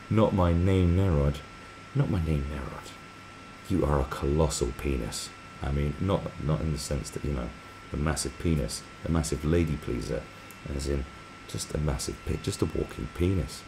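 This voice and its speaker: A man's voice: rumbling low, normal speed, few pauses, background noise. A man hosting a live stream, reading viewer comments aloud and mocking them in a crude, sarcastic way.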